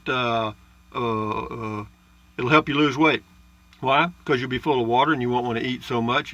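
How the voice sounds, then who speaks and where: A man's voice: mid-range voice, pushed and bright, dry recording, muffled recording. A man chatting in a folksy, rambling way as he reads viewer comments in his travel trailer. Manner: folksy and rambling, with frequent uh's and asides. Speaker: RV vlogger. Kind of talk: casual chat reading viewer comments.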